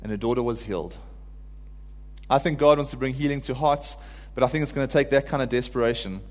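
A man's voice: medium pitch, fast, big-room sound. A man giving an informal, earnest sermon to a congregation, at times rising to pleading cries. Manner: earnest, builds to pleading cries when quoting. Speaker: preacher.

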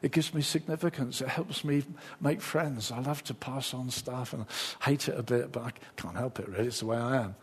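A middle-aged man preaching a lively sermon, acting out the inner voices of his listeners. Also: medium pitch, fairly quick, hardly any pauses, slightly rough.

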